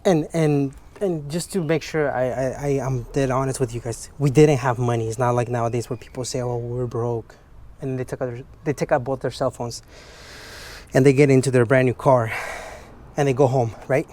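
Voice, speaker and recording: A man's voice: medium pitch, steady tone, a little fast, mellow. A man with English as his second language, frankly chatting in a rambling, motivational way while detailing his car, swearing casually.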